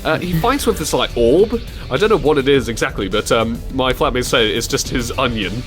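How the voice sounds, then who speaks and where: A young man hosting a radio show in loose, casual chat. His voice sits at a middle pitch but swings up and down in a lively way. He giggles often and slips into silly voices, with faint music underneath. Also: a little fast.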